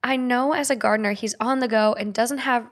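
A woman's voice: a little high, steady tone, a little fast. A woman in her twenties hosting a podcast in casual chat, laughing often and reading stories and ads aloud. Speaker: podcast host.

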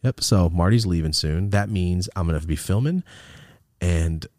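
A man's voice: sits low, moderate pace, no room sound, studio quality. A young man hosting a podcast, telling a long story in casual, profane chat and acting out the voices of the people in it. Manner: animated, profane, acts out voices in his stories. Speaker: podcast host.

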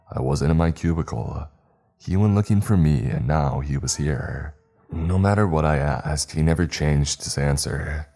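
A man reading a horror story aloud in a measured, steady narration. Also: very deep voice.

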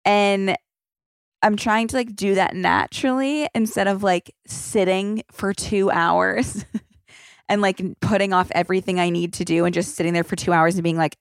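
A woman's voice: mid-range voice, steady tone, normal speed, no echo, studio quality. A woman around thirty hosting a casual solo podcast, rambling and chatty with lots of filler words and casual swearing. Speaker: podcast host.

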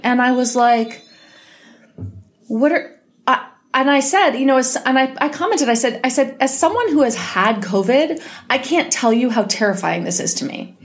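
A woman from the United States talks alone into her podcast mic at home, slightly high-pitched, blunt and heated, swearing freely. She is still getting over an illness and may break into a cough. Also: expressive, moderate pace. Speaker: podcast host. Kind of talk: casual solo podcast monologue.

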